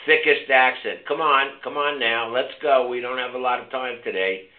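A man's voice: medium pitch, fairly even intonation, normal speed. Older guy hosting a call-in show, brash and coaxing, sounds like a phone line. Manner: brash, teasing, coaxing listeners. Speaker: host of a call-in health show. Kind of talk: casual call-in talk.

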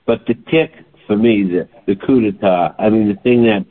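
A man in his late seventies telling a story in a chatty, animated way, as a holistic health practitioner. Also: lowish voice, normal speed. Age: older. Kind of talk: casual monologue. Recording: tinny phone-like sound.

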